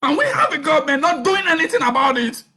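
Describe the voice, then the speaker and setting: A man's voice: very high voice, very animated, quick pace, pushed and bright. A man calling in to a live talk show, close to tears, agitated and pleading, often raising his voice. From Nigeria. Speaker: caller.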